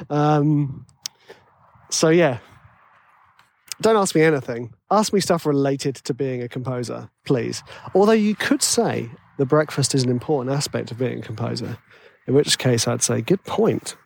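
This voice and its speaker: A man's voice: medium pitch, unhurried, creaky, darkish tone. A man with a tenor voice hosting a podcast, rambling and self-deprecating in casual chat full of fillers. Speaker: podcast host.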